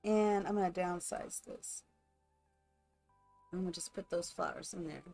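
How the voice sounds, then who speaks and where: A woman's voice: fairly low pitch, measured pace, creaky, dark tone, soft background music. A woman live streamer chatting casually and rambling to her viewers while she builds in a game. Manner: chatty, rambling, talks to chat.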